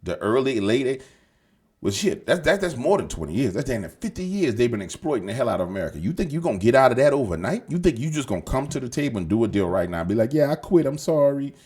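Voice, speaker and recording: A man's voice: medium pitch, big pitch swings, quick pace, a little mellow, slightly rough. A man hosting a commentary show, talking in a casual, profane, streetwise monologue aimed straight at his viewers. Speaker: political commentary podcast host.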